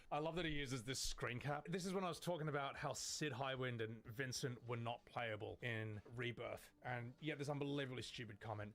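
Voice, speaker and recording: A man hosting a reaction video, reacting in a sarcastic, animated way with laughing asides. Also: medium pitch, a little fast, hardly any pauses. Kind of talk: casual reaction commentary.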